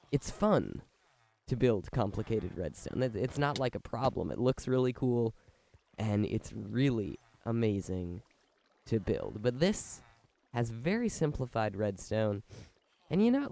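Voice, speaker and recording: This is a man giving a let's-play commentary while sick with a fever, and it hurts when he talks. His voice sits mellow and soft-edged, yet it leaps up and down whenever something works. He rambles, restarts and walks through each step of his build with eager excitement. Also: mid-range voice. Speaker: video game commentator.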